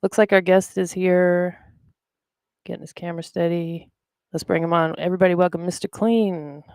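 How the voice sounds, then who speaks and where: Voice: mid-range voice, fairly even intonation, normal speed, a little mellow, smooth, no echo, studio quality. A podcast host chatting casually, rambling and talking to themselves while looking things up. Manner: rambling, talks to self while browsing. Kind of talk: casual chat.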